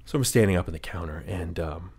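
A man's voice: low-pitched, fast, darkish tone, breathy edge. A man co-hosting a podcast in casual chat, rambling through an anecdote with fillers and restarts. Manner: rambling storyteller, many fillers and restarts, laughs at own story. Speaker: podcast co-host.

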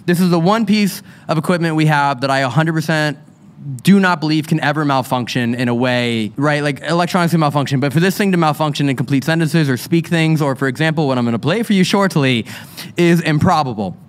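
High, excitable male storyteller. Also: brisk. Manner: animated, excitable, laughs a lot while telling. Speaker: paranormal investigator podcast host. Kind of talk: live stage storytelling.

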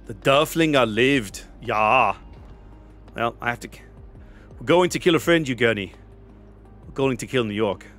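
A man's voice: medium pitch, a little slow, long pauses, a bit bright, faint music behind. A man casually commentating his own naval battle game, joking and sarcastic with theatrical asides. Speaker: gameplay commentator.

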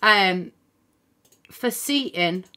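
Speaking extremely slowly at a medium pitch, a woman streamer with a lively, pushed, bright voice chats casually while she plays. At her home computer's desk microphone, she thinks aloud, reads out chat, and swears now and then.

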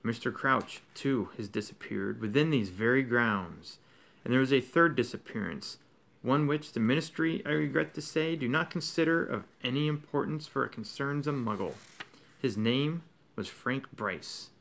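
A man's voice: medium pitch, moderate pace, gravelly, fairly bright tone. A man reading as a grave old headmaster. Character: wise old male headmaster, calm and grave. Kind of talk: reading a novel aloud.

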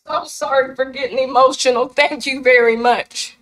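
A woman's voice: sits high, steady tone, moderate pace, a bit bright. An older woman making an emotional, indignant public comment at a city council meeting. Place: council chamber.

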